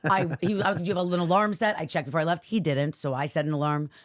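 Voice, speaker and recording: A woman talks fast on a podcast, rattling through a story. She jumps into the voices of everyone she quotes. The sound is dry and close. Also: low-pitched, dry recording. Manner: animated storyteller acting out quoted people. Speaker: podcast co-host. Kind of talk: casual chat. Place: studio.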